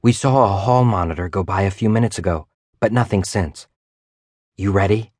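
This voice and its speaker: A man reading a bold, teasing teenage girl in a thriller audiobook, in brisk, scolding tones. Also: sits low, a little mellow, slightly rough, dry recording, clean studio sound. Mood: hushed.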